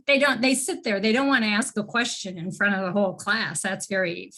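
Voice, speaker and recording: A woman teacher trainer giving a live online lecture on teaching listening, explaining slowly with fillers and self-corrections over a video call. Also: medium pitch, fairly even intonation, pushed and bright.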